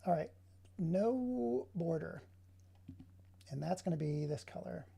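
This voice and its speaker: A man's voice: a little high, steady tone, fast talker, vocal fry, warm tone, slightly rough. A man casually commenting on his digital art work, drifting into sarcastic, rambling rants. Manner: rambling, sarcastic ranting asides. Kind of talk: casual running commentary while working.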